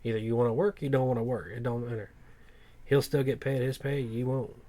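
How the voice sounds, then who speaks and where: A man's voice: medium pitch, steady tone, a little fast, mellow. A man, a truck mechanic, telling a rambling work story in casual podcast chat, with plenty of swearing.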